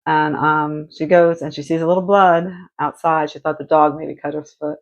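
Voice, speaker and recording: A woman's voice: low-pitched, fairly even intonation, normal speed, highs cut off. A woman streamer in casual chat, retelling a true crime story in a rambling way with many restarts and fillers.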